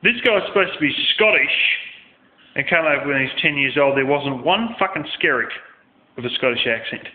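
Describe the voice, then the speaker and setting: A man's voice: mid-range voice, lively intonation, moderate pace, slight background noise. An Australian man telling a rambling story bluntly, with lots of swearing. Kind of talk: casual storytelling rant. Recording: tinny phone-like sound in an echoey room.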